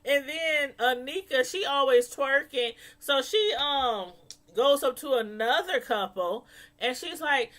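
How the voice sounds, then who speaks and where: A woman reviews a reality TV episode in a casual, gossipy way, telling the story with lots of animation. Her voice sits a little on the high side. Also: a little slow. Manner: animated, gossipy, laughing asides.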